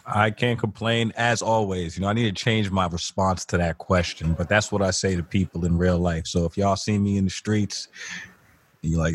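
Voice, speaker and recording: A low-voiced young man riffs on a podcast in a blunt, swaggering way, heavy on street slang. His voice sits close and dry, with no room around it. He keeps an animated, opinionated flow. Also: a little fast, husky, dry recording. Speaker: podcast co-host. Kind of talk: casual podcast banter.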